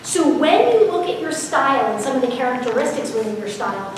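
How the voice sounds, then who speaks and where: Her high voice has a sing-song lilt and runs a little fast as she gives a parenting seminar, telling stories chattily and asking the audience questions. It's conversational seminar talk, picked up from a distance in a large echoey hall, with faint background hiss.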